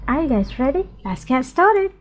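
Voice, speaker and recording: A woman's voice: sits high, very animated, normal speed, very noisy. A young woman with a Malaysian English accent who introduces a reaction video, eagerly and repetitively asking viewers to subscribe. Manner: eager, pleading, repeats herself. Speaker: YouTube reactor. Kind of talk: casual reaction chat.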